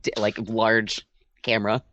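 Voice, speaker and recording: A man playing a tabletop game, dry and deadpan in his delivery. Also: on the low side, measured pace, lo-fi sound. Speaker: player. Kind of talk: tabletop role-play.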